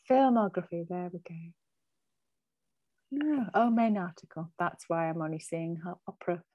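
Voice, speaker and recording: A woman's voice: on the low side, a little slow, long pauses, dark tone, dry recording, lo-fi sound. A woman co-hosting a podcast, chatting casually, thinking aloud and laughing easily. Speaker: podcast co-host. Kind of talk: casual film chat.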